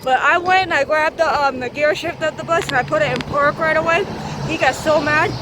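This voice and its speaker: A woman in her thirties telling a rambling, excitable story for her vlog, swearing now and then. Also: high voice, brisk, background noise. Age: 30s. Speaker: vlogger.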